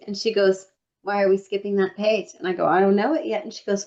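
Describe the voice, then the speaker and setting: A woman co-hosts a laid-back podcast, heard through a slightly dull, lo-fi recording. Her pitch is ordinary, and she tells lively stories, slipping into the voices of the people in them. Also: fairly quick. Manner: lively storyteller who acts out quotes. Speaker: podcast co-host. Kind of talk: casual chat.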